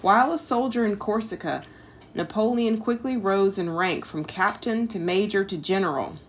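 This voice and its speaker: At normal speed and in a mid-range voice, a woman reads from a history book to her child at home as part of homeschooling. She chats about it casually, saying "like" and "um" a lot, and a little hiss or hum is audible.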